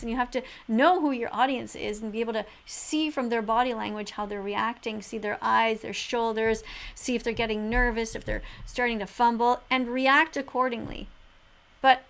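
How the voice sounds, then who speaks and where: A woman's voice: fairly high pitch, rough recording. Emphatic preachy woman on camera. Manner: preachy, emphatic, swings from flat to exclaiming. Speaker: vegan activist video host. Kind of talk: reaction commentary to camera.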